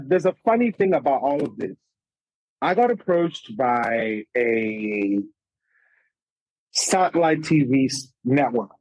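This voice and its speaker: A man's voice: mid-range voice, no room sound. A Zimbabwean man with a blend of Zimbabwean and American accents, a chef telling stories as a guest in a casual interview. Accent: mixed Zimbabwean and American. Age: young adult. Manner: animated storyteller, stacks repeated starts. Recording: dull, dry lo-fi sound.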